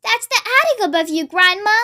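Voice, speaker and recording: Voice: very high voice, lively intonation, measured pace, sharp tone, pitched above the performer's own voice, full character voice. A reader voicing an anxious, polite young boy who pleads and calls out in alarm. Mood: alarmed, pleading.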